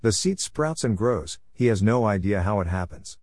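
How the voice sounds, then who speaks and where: A patient, commanding male teacher, as a Bible reader voices him. His speech is measured and firm, in a lowish voice recorded dry and close. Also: lively intonation, darkish tone, dry recording. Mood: calm. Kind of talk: scripted Bible reading.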